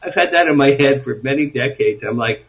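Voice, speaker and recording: A man speaks as an interview guest, eagerly laying out ideas in long runs and restarting his sentences as he goes. His voice sits at a middle pitch for a man. The audio is dull and lo-fi. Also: fairly quick. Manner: enthusiastic, rambling storyteller with frequent restarts. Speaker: author guest. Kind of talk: interview conversation.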